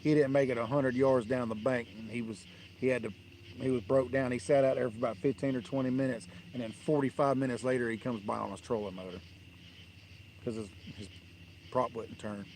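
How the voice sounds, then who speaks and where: A man's voice: mid-range voice, fairly even intonation, brisk, a little mellow, a little hiss or hum. A man hosting a fishing livestream, telling rambling, blunt stories in a dismissive tone from a riverbank at night. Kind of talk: casual live-stream rant.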